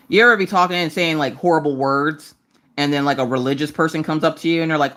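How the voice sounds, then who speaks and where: A woman with a bit of brightness in her voice talks a little fast while working on diamond painting during a crafting live stream. She chats and jokes casually, teasing herself and jumping into high, squeaky voices to greet viewers.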